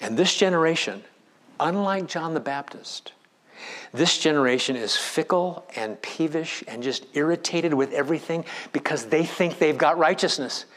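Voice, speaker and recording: A man's voice: a little high, moderate pace, a bit bright. A man preaching a sermon as a pastor, with emphatic delivery that rises and drops in volume.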